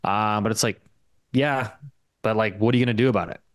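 Low, smooth-voiced young Canadian man. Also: steady tone, no echo. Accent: Canadian English. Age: young adult. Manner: rapid, filler-heavy, full of "like" and restarts. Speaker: guest market commentator. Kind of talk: casual interview talk.

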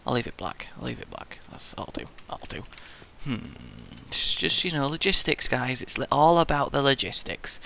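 A man's voice: mid-range voice, expressive, normal speed, creaky, bright, forceful tone, slight background noise. A young man, commentating his own gameplay in a rambling, goofy way, muttering to himself and slipping into silly voices. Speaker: Minecraft let's player.

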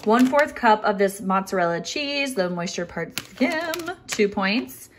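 A bubbly woman in her thirties chats straight to her viewers about her meals, keeping it light and talkative. Her voice sits at an ordinary middle pitch. Steady vehicle and road noise hums clearly behind her. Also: a little slow. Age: 30s. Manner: bubbly, chatty, keeps addressing viewers. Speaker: food vlogger. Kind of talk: casual food vlog chat. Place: in a car at a drive-thru, then a home kitchen. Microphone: camera or phone recording herself.

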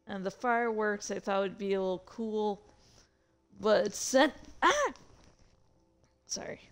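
A woman's voice: mid-range voice, steady tone, smooth. A woman hosting her own gameplay video, chatting casually and poking fun at herself as she plays. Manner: chatty, self-deprecating, slow and halting. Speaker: gaming channel host.

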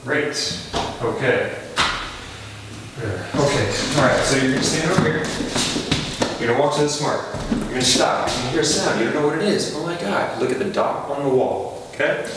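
A man's voice: medium pitch, natural voice. A man playing a pushy, overexcited casting director. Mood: brisk. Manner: rapid-fire directions, swinging up loudly when excited. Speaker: casting session runner. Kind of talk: scripted comedy sketch. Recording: echoey room, far from the mic, noisy.

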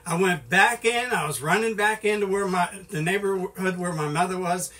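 A man's voice: high-pitched, normal speed, pushed and bright, recorded from a distance. A middle-aged man giving an informal sermon in a folksy way, with many "you know"s and restarts. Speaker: preacher.

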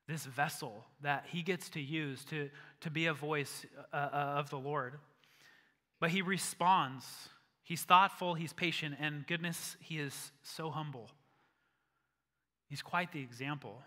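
Brief: male pastor, earnest sermon, fairly high and very bright voice, long hall reverb. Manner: earnest, rising to emphatic peaks. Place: church sanctuary.

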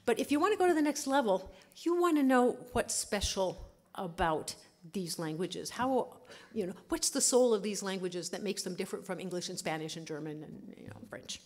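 A woman's voice: medium pitch, moderate pace, few pauses, a little mellow. Chatty woman giving a lecture. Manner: chatty, laughing often, peppers with "okay". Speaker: linguist giving a conference lecture. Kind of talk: lively lecture to an audience.

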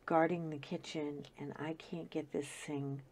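A woman's voice: low-pitched, flat delivery, measured pace, a little mellow. A woman host telling a story in a casual chat, chatty and often laughing.

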